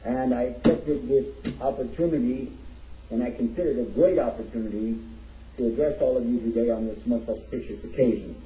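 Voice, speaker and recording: A man's voice: medium pitch, brisk, dark tone. A man from Texas with a Texan accent, giving a playful, humorous keynote speech to a large audience in a hall. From Texas, USA. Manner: jokey, playful, teasing the audience. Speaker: keynote speaker, chaplain. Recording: echoey hall, dull sound.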